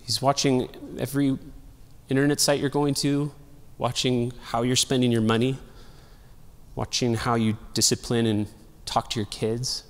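Male pastor, laid-back joking sermon, mid-pitched voice, long hall reverb. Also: normal speed. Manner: casual, humorous, animated storytelling. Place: church sanctuary.

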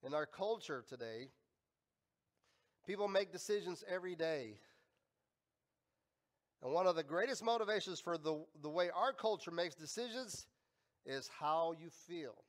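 A male pastor preaching a sermon, emphatic and swinging between loud and quiet. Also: on the high side, expressive, a little slow, pauses often. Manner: emphatic, rising and falling in volume.

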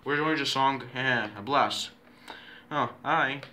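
A man chatting playfully in a home video, halting and repeating himself while making up silly introductions. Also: mid-range voice, pushed and bright, slight background noise.

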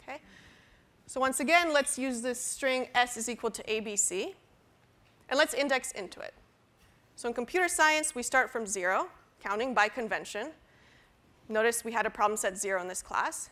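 A woman's voice: on the high side, normal speed, pauses often, bright, forceful tone. A woman lecturing a university class on programming, explaining step by step with fillers and restarts. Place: lecture hall.

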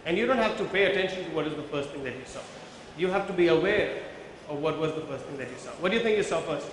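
A man's voice: a little high, animated, quick pace. A man leads a workshop on visual merchandising, explaining his points step by step and quizzing the audience. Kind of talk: workshop lecture with audience questions. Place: large conference hall with a live audience. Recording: very echoey hall, faint background noise.

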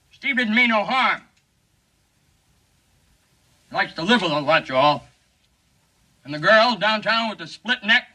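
A man doing a folksy shady political pitchman. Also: bright, forceful tone, far from the mic, exaggerated voice, rough recording. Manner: folksy, pleading sales patter. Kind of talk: 1950s film comedy acting.

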